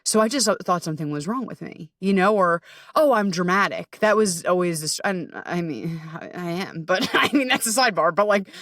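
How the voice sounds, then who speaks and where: A woman hosting a podcast, talking candidly and casually, swearing freely and laughing at herself, sometimes jumping into high voices for her inner thoughts. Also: lively intonation, fairly quick, few pauses, a bit bright, no room sound, studio quality, recorded from a distance. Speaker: podcast host. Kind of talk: casual confessional monologue.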